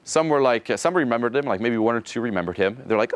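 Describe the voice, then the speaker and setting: Dude coaching a crowd super fast, swears a lot, keeps saying okay, acts out convos, dry close sound. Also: male voice, mid-range voice, clear, resonant tone, no echo. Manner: rapid, casual, profane, keeps checking in with "okay?"; acts out dialogue while explaining. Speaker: dating coach. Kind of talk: coaching talk to a group.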